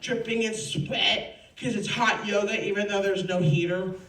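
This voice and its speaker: A woman in her forties doing stand-up comedy, brash and profane, ranting with loud outbursts. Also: medium pitch, fairly even intonation, normal speed, noisy background. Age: 40s. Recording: roomy club, distant mic, audience.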